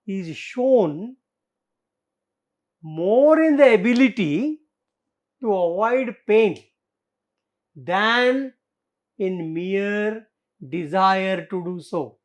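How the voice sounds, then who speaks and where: A woman reading as a calm, cool, witty man. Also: medium pitch. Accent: Indian English. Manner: calm, unhurried, dry.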